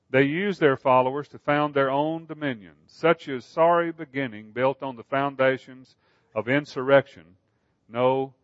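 A man's voice: medium pitch, no room sound, natural voice. A man reading as a grave old male sage. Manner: slow, grave lecturing. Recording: dull, dry recording.

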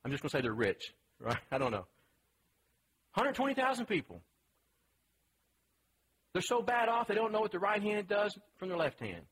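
A man's voice: sits high, sing-song, moderate pace, pauses often, fairly bright tone, breathy edge, rough recording. A man preaching a sermon in a conversational, emphatic way, asking the listeners questions.

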